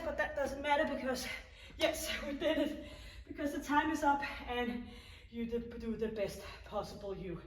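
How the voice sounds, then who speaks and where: A woman's voice: sits high, moderate pace, slight background noise. Encouraging woman coaching a workout. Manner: encouraging, counts down reps. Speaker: fitness instructor. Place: home workout space. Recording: echoey room, mic at a distance.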